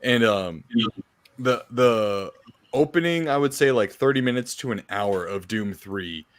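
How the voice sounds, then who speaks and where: A man on a podcast, talking in a relaxed, casual way and getting excited as he recalls playing games. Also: medium pitch, a little slow, no room sound. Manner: laid-back, swears, excited retelling. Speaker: podcast co-host. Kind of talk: casual chat.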